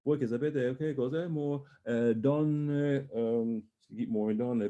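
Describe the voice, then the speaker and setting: A man's voice: medium pitch, fairly even intonation, takes it slowly, few pauses, mellow, dull audio. A middle-aged man teaching an online voice master class over a video call, encouraging and talking through phrasing with short sung examples.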